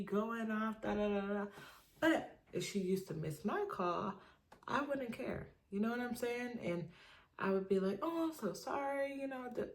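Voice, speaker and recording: A woman's voice: medium pitch, a little hiss or hum. Chatty young woman giving frank advice. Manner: chatty, emphatic, repeats "you know what I mean". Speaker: vlogger. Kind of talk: casual advice monologue to camera.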